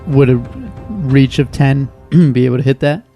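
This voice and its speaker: Tabletop player, male, mid-pitched, deliberate, light music bed. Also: gravelly, mellow. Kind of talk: casual tabletop game chat.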